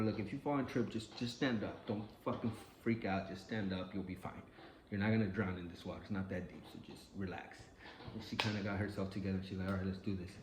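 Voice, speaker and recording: A man's voice: lowish voice, a little mellow, reverberant, a little hiss or hum, low-quality recording. Profane casual man telling a story. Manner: loose, profane, full of "like" and acted quotes.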